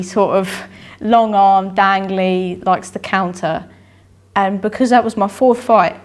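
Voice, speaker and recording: A young woman, a boxer telling her story in an interview, rambling, repeating herself and acting out what she and others said. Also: mid-range voice. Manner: rambling, repeats herself, acts out her own inner voice and dialogue. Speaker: amateur boxer, interview guest.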